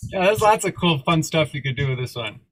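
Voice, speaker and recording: A man's voice: on the high side, expressive, a little fast, fairly bright tone. A man in a group drum lesson on a video call, explaining a pattern by counting aloud and singing the rhythm in syllables. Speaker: drummer taking part in the lesson. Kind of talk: casual explanation.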